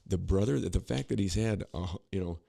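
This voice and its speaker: A man's voice: low-pitched, quick pace, creaky, mellow, breathy edge. A man co-hosting a podcast, talking in a rambling, opinionated way with many restarts and asides. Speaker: podcast co-host. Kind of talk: casual political commentary.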